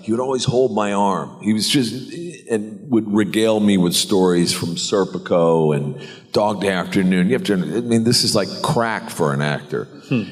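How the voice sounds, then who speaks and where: Low-voiced actor on a convention stage, rambling and self-deprecating, long hall reverb. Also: male voice, moderate pace. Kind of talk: anecdote storytelling.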